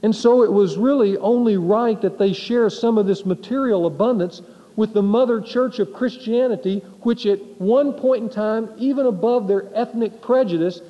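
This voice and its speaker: A pastor delivering an emphatic sermon, asking the congregation rhetorical questions. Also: male voice, high voice, moderate pace, long reverb tail, muffled recording.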